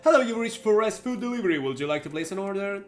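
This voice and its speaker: A man voicing a cheerful food delivery operator in a high, loud voice. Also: expressive, quick pace, slight background noise. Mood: chirpy.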